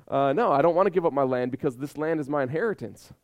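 A man's voice: fairly high pitch, fast talker, dry recording, studio quality, natural voice. A man voicing a hesitant stubborn neighbor. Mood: reluctant. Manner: hesitant, stammering refusal. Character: stubborn man refusing to sell his family land.

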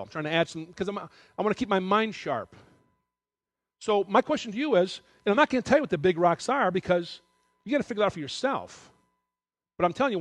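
A man's voice: high-pitched, no room sound. A middle-aged man giving a sermon in a candid, conversational way, at times emotional. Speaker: preacher.

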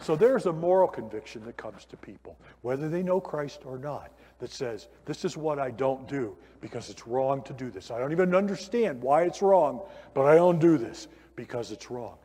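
A man preaching a sermon in a church, conversational and animated, asking the listeners questions. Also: mid-range voice, moderate pace, breathy edge. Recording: long hall reverb.

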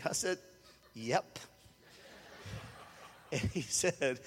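A man's voice: on the high side, normal speed, fairly bright tone, in a large hall. A man from Louisiana, preaching a sermon as a storyteller who acts out the quotes and chuckles often. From Louisiana, USA. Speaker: pastor.

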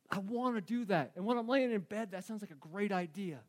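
A male preacher with a fairly high voice for a man, delivering a sermon in a loose, conversational way. He leans on emphasis and says his key lines twice to drive them home. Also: a little fast, hardly any pauses. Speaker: pastor.

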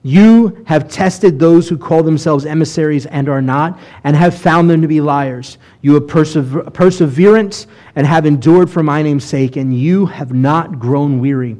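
A rabbi preaching a sermon with passion, reading scripture aloud, dropping to a hush and then rising loud. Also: male voice, fairly high pitch, normal speed, hardly any pauses. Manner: impassioned preaching, swings from hushed to loud; reads scripture aloud with Hebrew terms.

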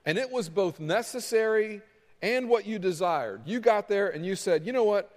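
A male pastor preaching a sermon as relaxed, lively storytelling with acted asides. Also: sits high, normal speed, long reverb tail.

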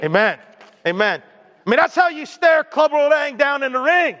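A male pastor preaching a lively sermon, acting out quoted voices and leading the congregation in responses. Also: very high-pitched, moderate pace. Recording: long hall reverb.

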